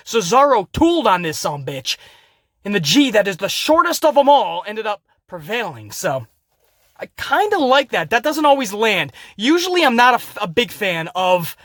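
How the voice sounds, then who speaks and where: A man hosting a wrestling recap podcast, talking in an animated, profane way, laughing often and calling his listeners guys. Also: high-pitched, no echo, clean studio sound. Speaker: podcast host.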